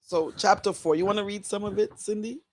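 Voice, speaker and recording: A woman's voice: medium pitch, steady tone, fairly quick, a little mellow, a little hiss or hum. A woman author telling her life story candidly on a radio show, digressing and fighting back tears. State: close to tears. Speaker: author and guest. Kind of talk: emotional personal storytelling.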